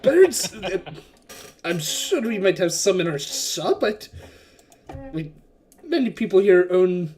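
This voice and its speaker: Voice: medium pitch, big pitch swings, slow pace, pauses often. A game master voicing an outspoken, effusive male merchant prince in a tabletop game. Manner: loud, grand welcoming speeches. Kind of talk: tabletop game role-play.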